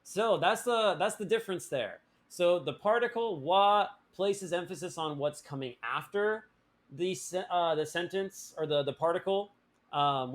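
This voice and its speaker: A man with a fairly high voice runs a live-streamed grammar lesson. He jokes and teases his viewers, restarting sentences and leaning on fillers as he explains. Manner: playful, joking, with many fillers and restarts. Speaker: language teacher.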